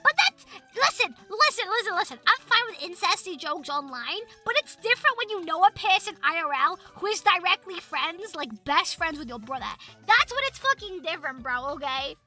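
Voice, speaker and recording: A young British woman streaming as a VTuber, chatting casually to her chat, excitable and swearing a lot with loud outbursts. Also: very high voice, a little fast, hardly any pauses, faint music behind.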